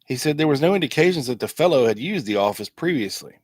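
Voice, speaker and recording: A man's voice: mid-range voice, lively intonation, fast, no room sound. A man hosting a podcast, reading old documents aloud in a casual way and breaking in with wry asides. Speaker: podcast host.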